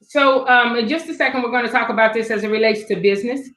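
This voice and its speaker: A woman hosting a casual panel, her voice a little higher than most, echoing around the room she sits in. She tells her stories with lively acted-out quotes. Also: quick pace. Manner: storytelling that acts out quoted voices. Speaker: panel host.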